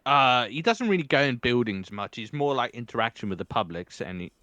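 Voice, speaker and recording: A man's voice: mid-range voice, very animated, fairly quick, pushed and bright, no room sound, lo-fi sound. A man from England co-hosting a podcast, telling stories in casual chat with lots of swearing and acted-out quotes. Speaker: podcast co-host.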